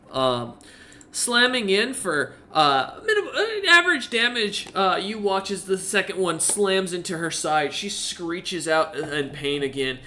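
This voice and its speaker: A man narrating as game master of a tabletop game, in a casual, halting way with fillers and the odd curse. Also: high voice, sharp tone, slight background noise. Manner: casual, halting narration with many fillers and restarts, occasional swearing.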